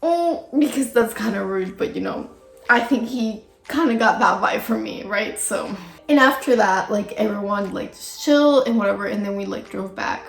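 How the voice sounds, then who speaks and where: Young woman with vocal fry, chatty. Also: mid-range voice, moderate pace. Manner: chatty, filler-heavy, gossipy with frequent "like". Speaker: vlogger. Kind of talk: casual storytime. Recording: echoey room with faint music.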